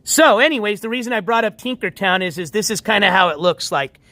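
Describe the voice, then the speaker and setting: A man with a high voice chats loosely to his livestream viewers from beside a backyard pool at night. He rambles in an easygoing way and chuckles often. The sound is dry and close, picked up on a handheld phone. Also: lively intonation, brisk, sharp tone, no room sound. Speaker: livestream host. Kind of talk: casual livestream chat.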